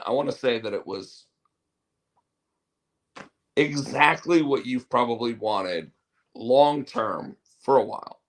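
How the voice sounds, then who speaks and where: A man hosting a show, chatting casually in a rambling, opinionated way. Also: mid-range voice. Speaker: show host. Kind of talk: casual wrestling chat.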